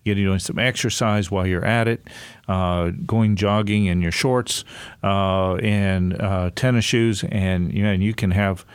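An older man with a somewhat low voice gives casual health advice as a talk-show guest. He rambles in a folksy way, stringing thoughts together with "you know." The sound is close and dry, with no room echo. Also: steady tone, measured pace, clean tone. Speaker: natural health doctor, guest expert.

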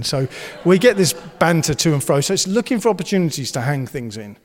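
A man's voice: on the high side, animated, brisk, hardly any pauses, in a large hall. A man preaching a sermon, earnest and encouraging, and he slips into playful banter. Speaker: pastor.

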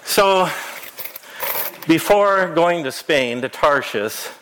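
A playful pastor leading a children's story time in a church, his voice pitched a touch high as he coaches the kids through acting out each scene. he gives quick directions and asks them questions. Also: lively intonation, a bit bright, a little hiss or hum, rough recording. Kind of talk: children's sermon, interactive storytelling. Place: church sanctuary.

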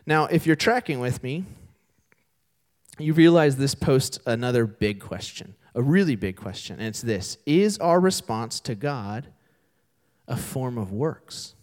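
A man's voice: mid-range voice, unhurried. A young man preaching a sermon in a church, telling a story and acting out its characters. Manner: animated storytelling with voiced characters. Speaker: pastor. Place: church sanctuary.

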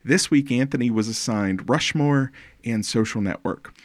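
A man's voice: mid-range voice, normal speed, no room sound, studio quality. A man in his forties hosting a casual film podcast, playful and teasing, talking at length with little restarts. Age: 40s. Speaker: podcast host.

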